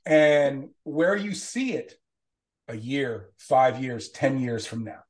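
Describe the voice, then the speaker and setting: A man's voice: medium pitch, big pitch swings, takes it slowly. A man hosting a casual interview, repeating words as he sets up his questions. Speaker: interview host.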